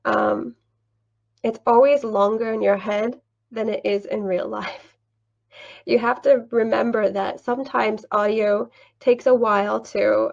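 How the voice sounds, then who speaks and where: Slow, gravelly-voiced woman teaching online. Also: a little high, a little mellow, muffled recording. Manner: slow, patient, with light laughs. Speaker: English teacher trainer. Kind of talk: screen-share tutorial, mock class.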